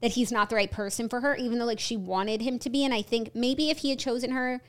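A woman co-host with a somewhat high voice gives her opinions in loose, chatty sentences. She fills them with frequent little fillers. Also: steady tone, fast. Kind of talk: casual chat about reality TV.

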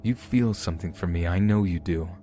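An unstable young man of twenty, his deep voice jumping between tearful accusation and fury, as a male narrator reads his lines. Faint music runs underneath. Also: a little fast, close to an everyday voice. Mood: accusing. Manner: yelling through sobs, demanding.

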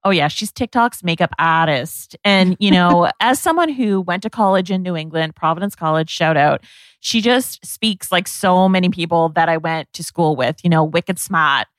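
A woman co-hosts a podcast, chatting eagerly and casually. Her voice sits a touch low, and the sound is dry and close. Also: moderate pace, no room sound. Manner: chatty, enthusiastic. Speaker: podcast co-host.

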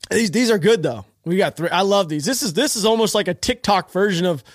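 A man's voice: sits high, lively intonation, a little fast, dry recording, studio quality. A man hosting a podcast, giving casual, mocking commentary with a sarcastic edge and frequent laughter. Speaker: podcast host.

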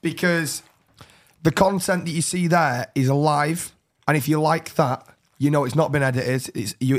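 Brief: excitable man, mid pitch, chatty podcast guest. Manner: excitable, effusive about food. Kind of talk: casual chat.

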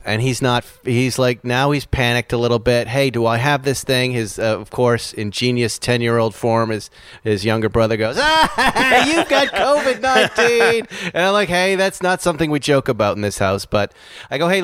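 A man co-hosting a podcast, telling a story in an animated, self-mocking way and laughing as he goes. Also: mid-range voice, moderate pace, smooth, no room sound, studio quality. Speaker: podcast co-host. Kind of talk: casual chat, storytelling.

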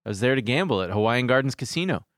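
A man's voice: mid-range voice, expressive, racing, dry recording, clean studio sound. A young man co-hosting a podcast in casual chat, with wry asides, sometimes reading posts aloud. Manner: chatty, reads tweets aloud, wry asides. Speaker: podcast co-host.

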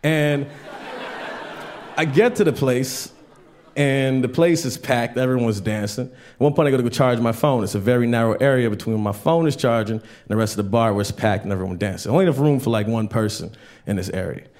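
A man's voice: mid-range voice, a little fast, a little mellow. A man doing a stand-up comedy set on stage, telling stories and acting out other people's voices. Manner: storytelling, acts out characters in raised voices. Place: comedy stage with live audience.

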